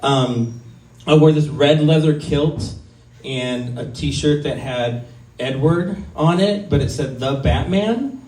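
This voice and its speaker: A man's voice: fairly high pitch, slow pace, darkish tone. A man in his fifties doing a stand-up set at an open mic, crude and self-deprecating, rambling with many ums. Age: 50s. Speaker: stand-up comic. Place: small comedy venue. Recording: roomy, mic heard from a distance.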